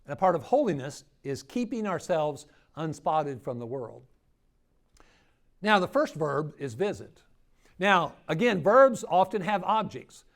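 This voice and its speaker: A man's voice: a little high, big pitch swings, measured pace, gravelly, fairly bright tone. A middle-aged man preaching a sermon at a church grief workshop, teaching with rhetorical questions to his audience. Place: church hall.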